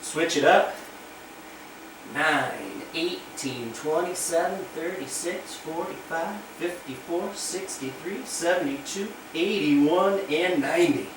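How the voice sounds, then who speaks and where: A man's voice: on the high side, slow pace. A male PE teacher leading stretches and counting aloud as he demonstrates the moves. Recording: echoey room from far off with noise.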